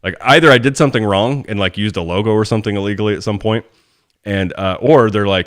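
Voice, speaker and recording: Low-voiced man telling a fan story. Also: fast. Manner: animated storyteller, swears freely. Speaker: podcast host. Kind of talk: casual sports chat.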